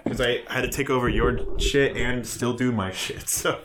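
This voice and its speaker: A male podcast co-host in loose, casual chat. He swears freely and rambles from one thought to the next, with a voice of ordinary pitch for a man. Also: fairly even intonation, normal speed, noisy background. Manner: rambling, profane, jumps between thoughts.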